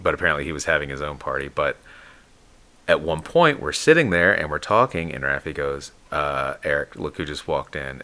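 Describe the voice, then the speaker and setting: Super deep voiced guy telling a story, bright edge, jumps way up high doing other people's lines. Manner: animated storyteller, acts out quotes in a high voice. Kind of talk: casual storytelling chat.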